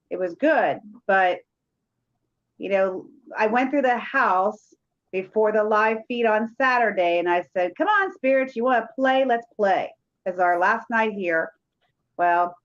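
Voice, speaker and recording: Woman rambling through a story, lo-fi. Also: mid-range voice. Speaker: paranormal investigator. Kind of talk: casual chat. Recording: dull lo-fi sound.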